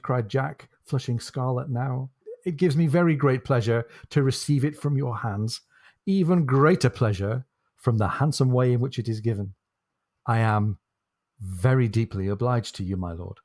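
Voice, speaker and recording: A man co-hosting a podcast, musing about a novel and posing questions in a relaxed chat. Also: medium pitch, dry recording, studio quality. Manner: thoughtful, poses questions to the listener. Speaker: podcast co-host. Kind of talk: casual book discussion.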